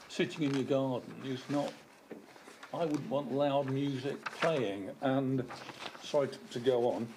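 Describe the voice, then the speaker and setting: Panel member, man, mid-pitched, hesitant and apologetic, faint noise behind. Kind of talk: questioning at a council hearing.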